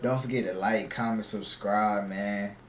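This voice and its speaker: A man's voice: on the low side, fairly even intonation, unhurried, echoey room, a little hiss or hum. Slangy man reacting to a video. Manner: slangy, loose, talks back to the video. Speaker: reaction streamer. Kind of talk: casual reaction commentary.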